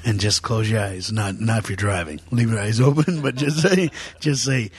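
A man as a guest preacher in an interview, talking fervently with many fillers and repeats, sometimes dropping to a soft near-whisper. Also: lowish voice, normal speed, breathy edge. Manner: filler-heavy, repeats words.

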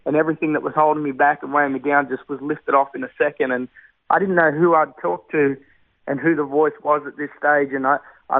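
A man's voice: a little high, no room sound. A man, telling his personal testimony in an earnest, heartfelt way with many fillers. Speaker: guest sharing testimony. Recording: tinny phone-like radio sound.

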